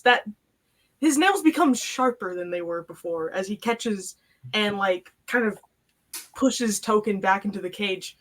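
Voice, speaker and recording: A woman running a tabletop game as game master, narrating loosely with lots of fillers. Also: mid-range voice.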